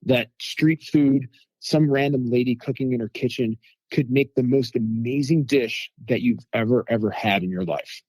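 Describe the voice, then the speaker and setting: A man telling lively food anecdotes as a guest in a casual interview, acting out quotes from people he met. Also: mid-range voice, normal speed, husky, dry recording. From United States. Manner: animated anecdotes with quoted voices.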